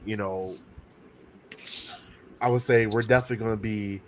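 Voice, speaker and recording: A man's voice: lowish voice, fairly even intonation, moderate pace, slight background noise. Thoughtful man in casual podcast chat. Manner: reflective, thoughtful, a bit hesitant.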